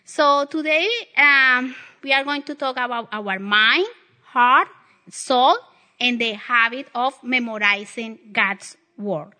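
Bright-voiced Southern woman preaching. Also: a little high. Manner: warm, halting, self-deprecating, with fillers and restarts. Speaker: guest preacher. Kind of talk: church teaching. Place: church sanctuary. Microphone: pulpit mic she adjusts.

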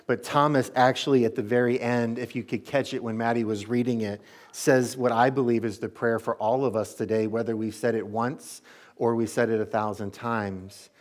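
A man's voice: mid-range voice, steady tone, moderate pace. A male pastor preaching a sermon and leading prayer, earnest in manner. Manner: earnest, leads a closing prayer.

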